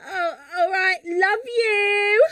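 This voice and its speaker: A woman's voice: very high-pitched, steady tone, very slow, bright, forceful tone, dry recording, studio quality, voice pushed up, full character voice. A woman voicing an overexcited young girlfriend who squeals and gushes on the phone. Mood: pleading. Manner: squealing, gushing, breathless.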